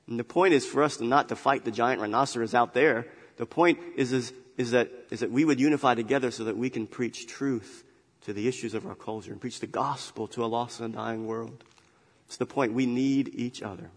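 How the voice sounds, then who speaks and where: A man preaching a sermon as pastor, emphatic and animated, swinging between loud emphasis and quiet asides. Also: mid-range voice, big-room sound. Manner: animated, emphatic storytelling with big swings in loudness. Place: church sanctuary.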